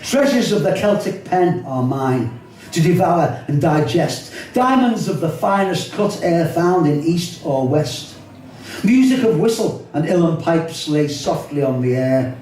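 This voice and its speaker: A man's voice: a little high, lively intonation, unhurried, a little mellow, recorded from a distance, a little hiss or hum. An older man with a Liverpool accent reciting his own rhyming poems live, wry and rhythmic. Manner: rhythmic, wry delivery with spoken asides. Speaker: poet performing his own work. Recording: echoey hall, voice from off-mic.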